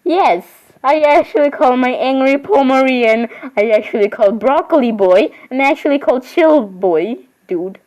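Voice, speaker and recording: High-voiced woman voicing a doll role-play. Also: expressive, normal speed, hardly any pauses, darkish tone, muffled recording. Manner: rambling, chatty, with sudden squeals of surprise. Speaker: voicing all the dolls in a homemade role-play.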